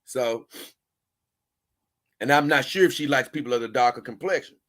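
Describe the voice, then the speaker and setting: A man's voice: mid-range voice, moderate pace, pauses often, fairly bright tone. A man hosting a casual livestream, reading viewer comments and rambling on in loose, with chuckling asides. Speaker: livestream host.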